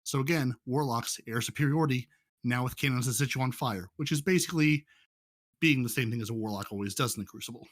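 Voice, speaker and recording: A man's voice: mid-range voice, fast talker. A man hosting a casual gaming podcast, joking and often repeating words as he talks. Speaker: podcast host.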